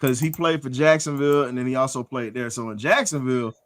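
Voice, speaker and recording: A man, hosting a casual sports talk show, animated and storytelling, with laughs and swearing. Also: medium pitch, quick pace. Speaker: podcast host.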